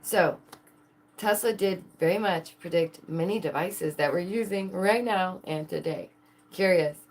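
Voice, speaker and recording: Woman vlogger, low-ish voice, casual and excitable, rhetorical questions, quick laughs. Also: a little hiss or hum. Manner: excitable, asks viewers many rhetorical questions, laughs often. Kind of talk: casual chat to camera.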